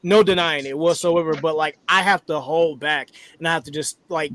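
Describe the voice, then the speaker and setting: A man on a live-streamed panel, speaking candidly and haltingly, restarting his sentences as he talks. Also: fairly high pitch, fairly bright tone. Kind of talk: casual debate chat.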